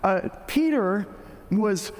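Man preaching, high voice, conversational and joking, long reverb of a church hall. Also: animated, slow pace. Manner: conversational, joking, with frequent restarts. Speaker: pastor. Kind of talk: sermon.

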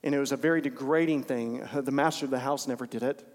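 A man's voice: mid-range voice, steady tone, quick pace. Man preaching in a reverberant hall. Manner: informal, repeats phrases for emphasis, many restarts. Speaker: pastor. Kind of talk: conversational sermon.

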